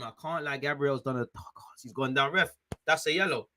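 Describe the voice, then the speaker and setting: Excitable fan yelling at the ref. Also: male voice, a little high, brisk. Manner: excitable, shouts at the ref, drops to mutters. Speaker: fan watchalong host. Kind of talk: live football watchalong commentary.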